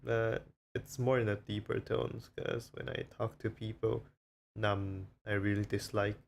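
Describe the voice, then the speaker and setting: A man's voice: on the low side, little pitch movement, a little slow, creaky, slight background noise. A man streaming casually, rambling and self-conscious as he shows off the different voices he talks in. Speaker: VTuber streamer.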